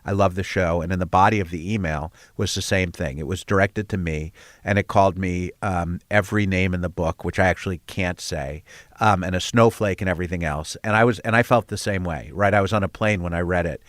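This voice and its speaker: Older man with a deep, dry voice. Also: fairly quick, dry recording. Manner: earnest storyteller with fillers and restarts. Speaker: guest, head of a storytelling nonprofit. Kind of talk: conversational interview.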